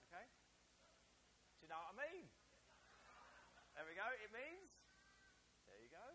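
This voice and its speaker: A man's voice: high-pitched, measured pace, a little hiss or hum, poor audio. A man from Essex with an Essex accent, preaching a playful sermon and jokingly quizzing his congregation. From Essex, England. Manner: jokey, animated, teasing the congregation. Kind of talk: playful sermon with audience quiz.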